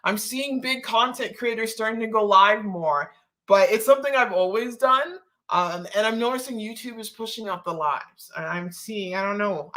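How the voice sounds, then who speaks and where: A woman's voice: mid-range voice, a bit bright. A woman from the Caribbean hosting a casual live-stream Q&A, chatty and full of "like" and laughing asides. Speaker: host.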